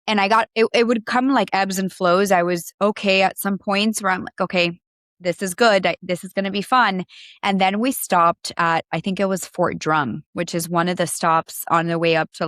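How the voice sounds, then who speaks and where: A woman's voice: medium pitch, fairly bright tone, no room sound, clean studio sound. A woman co-hosting a podcast in casual chat, emotional and rambling, with many restarts and trailing thoughts. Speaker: podcast co-host.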